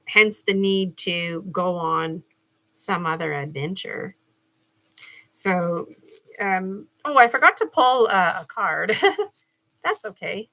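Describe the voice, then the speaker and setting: A woman's voice: on the low side, slow, bright, forceful tone. A middle-aged woman giving a casual gemstone reading, chatty and rambling, with many fillers and restarts. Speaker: spiritual reader.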